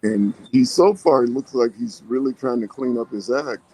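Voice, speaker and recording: A man's voice: mid-range voice, normal speed, dark tone, slightly rough, rough recording. Older man, folksy storyteller, casual podcast chat, laughs a lot.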